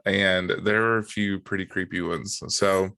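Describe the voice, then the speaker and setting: A man's voice: low-pitched, unhurried, smooth, no room sound. A man co-hosting a podcast in casual chat, joking and reading from notes with lots of fillers. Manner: relaxed, joking, many fillers. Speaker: podcast co-host.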